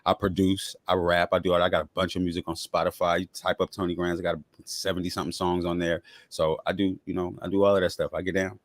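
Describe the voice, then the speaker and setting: A man with a strikingly deep voice chats as an interview guest, quick and laid-back as he talks up his projects. The sound is dry and close, with no room around it. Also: little pitch movement, no room sound. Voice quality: deep voice others remark on. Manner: laid-back, self-promoting, quick-talking. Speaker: guest, rapper and podcaster. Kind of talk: casual interview chat.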